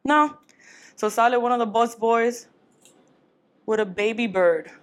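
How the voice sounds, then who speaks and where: A woman's voice: a little high, unhurried. Young woman telling a story on a podcast. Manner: animated, mixes Spanish phrases into English. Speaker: podcast co-host. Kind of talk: casual storytelling chat.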